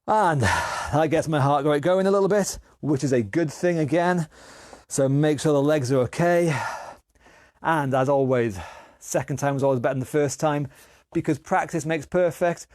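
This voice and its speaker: An English man leads a live online workout, chatty and encouraging as he counts down the moves, a bit out of breath. His voice is fairly high and a little mellow, and he speaks unhurriedly with long pauses.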